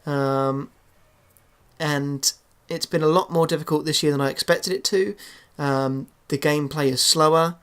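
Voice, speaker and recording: A man's voice: a little high, fairly even intonation, measured pace, fairly bright tone, clean tone. A young man giving casual, hesitant commentary on his football game, full of fillers and restarts. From England. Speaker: gaming YouTuber.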